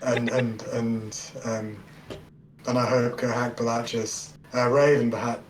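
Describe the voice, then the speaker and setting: A man's voice: mid-range voice, little pitch movement, a little slow, a little hiss or hum. Guy player, stammers a lot, playful, sounds far off in an echoey room. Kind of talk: casual tabletop game play. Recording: roomy, distant mic.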